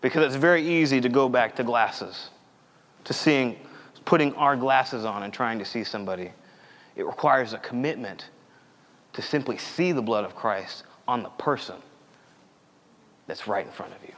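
A man's voice: mid-range voice, normal speed, long pauses, fairly bright tone, big-room sound. A young man preaching a sermon in an earnest, conversational way, telling stories from his own life.

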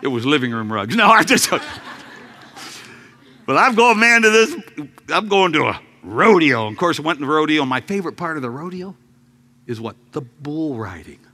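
A man preaching a sermon to his congregation, telling a story with jokes, dropping to quiet murmurs and then rising to loud outbursts. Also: on the high side, big pitch swings, fairly quick. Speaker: pastor. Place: church sanctuary.

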